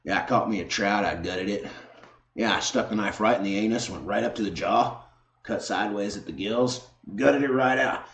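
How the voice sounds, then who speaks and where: A gruff, tomboyish woman drawls and brags about her catch, done by a man in a mocking aside. The voice stays low and casual. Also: normal speed, a bit bright, echoey room. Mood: boastful. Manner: drawling, boastful.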